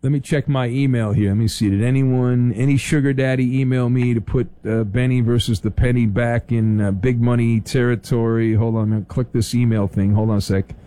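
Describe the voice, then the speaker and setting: A man hosting a call-in radio show, teasing callers in a dry, deadpan way with stammered restarts. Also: mid-range voice, fairly quick, hardly any pauses. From Southern California. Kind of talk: casual call-in radio banter.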